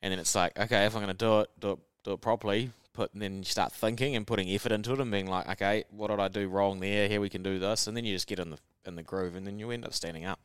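Deep, smooth-voiced New Zealand man. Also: steady tone, fast, hardly any pauses, no room sound. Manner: laid-back, joking, swears casually. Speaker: podcast co-host. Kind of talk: casual chat.

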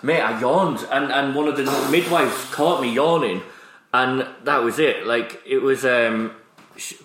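A man tells a story in a casual podcast chat, stumbling through restarts and laughing as he goes. His voice sits at an ordinary middle pitch. The room gives it a noticeable echo. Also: unhurried, fairly bright tone, slight background noise. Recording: roomy echoey room.

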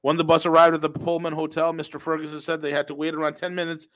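Sarcastic guy ranting over news on his podcast, pretty high voice. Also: little pitch movement, fast, fairly bright tone. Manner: sarcastic, mocking. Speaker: podcast co-host. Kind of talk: casual ranting commentary.

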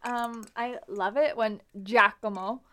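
Brief: young female podcast co-host, a touch high-pitched, teasing, playful chat. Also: steady tone, slow, sharp tone. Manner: teasing, giggly, does silly voices. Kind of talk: casual book-club chat.

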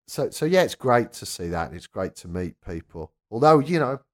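A man's voice: lowish voice, big pitch swings, moderate pace. A man, a rock radio presenter and former punk singer, telling an anecdote in a casual interview, acting out quoted voices as he goes.

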